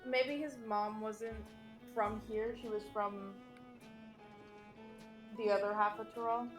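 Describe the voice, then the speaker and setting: Woman streamer, slightly high voice, loose and profane, faint music under her. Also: steady tone, slow. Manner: casual, swears a lot, laughs often. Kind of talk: casual game stream chat.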